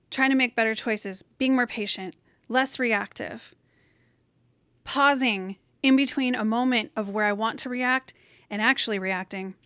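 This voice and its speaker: A woman's voice: fairly high pitch, fairly bright tone, no echo. A woman hosting a solo motivational podcast from her bedroom, talking in an earnest, encouraging, emphatic way. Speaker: podcast host. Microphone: camera set up in room.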